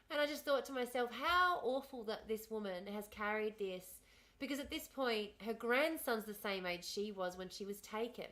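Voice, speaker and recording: A woman's voice: a little high, expressive, moderate pace, a bit bright. A woman in her thirties with an Australian accent, chatting casually with viewers on her livestream. She rambles, answers the chat and laughs often. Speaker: livestream host.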